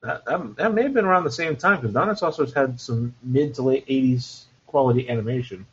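A man's voice: mid-range voice, a little fast, fairly bright tone. A man chatting on a podcast, telling stories with dry joking asides. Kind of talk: casual chat about retro cartoons and toys. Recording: dull lo-fi sound.

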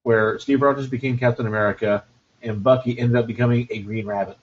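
A man talks casually, mixing stories with dry, joking asides at an ordinary pitch. The recording is dull and lo-fi. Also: fairly even intonation, quick pace. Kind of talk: casual chat about retro cartoons and toys. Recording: dull lo-fi sound.

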